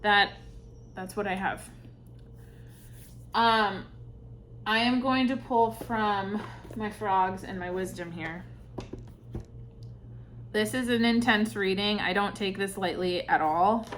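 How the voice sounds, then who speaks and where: A woman giving an intuitive tarot reading, speaking softly and reflectively, with sighs and pauses between thoughts. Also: medium pitch, slight background noise. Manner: slow, soft-spoken, reflective, with sighs and pauses. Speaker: tarot reader.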